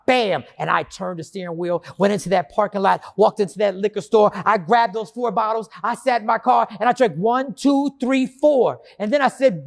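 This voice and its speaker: A man's voice: high-pitched, normal speed, gravelly, hardly any pauses. A man telling a personal story in a monologue, acting out his past self and his inner voices. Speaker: storyteller recounting his own experience.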